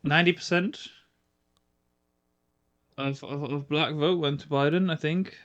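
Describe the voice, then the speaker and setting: A man's voice: fairly high pitch, steady tone, unhurried, a bit bright, dull audio. A man co-hosting a casual podcast chat, rambling with fillers and restarts. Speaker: podcast co-host.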